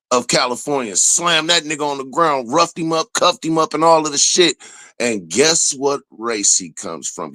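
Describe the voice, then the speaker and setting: A man co-hosting a casual podcast discussion. He speaks emphatically and a little preachily, laying out his points. His voice sits at an ordinary pitch and the sound is dry and close. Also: pushed and bright, dry recording. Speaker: co-host.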